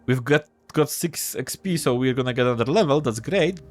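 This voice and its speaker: A man's voice: mid-range voice, fairly quick, no room sound. A man casually thinking aloud and reading game text while playing a role-playing game. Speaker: gameplay streamer. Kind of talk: casual let's-play commentary.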